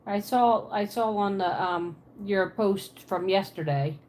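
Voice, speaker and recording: A woman's voice: mid-range voice, takes it slowly, a little mellow. A woman from Pennsylvania with a Pennsylvania Dutch accent and a Southern twang, chatting casually on a livestream from her apartment and answering viewers' comments aloud.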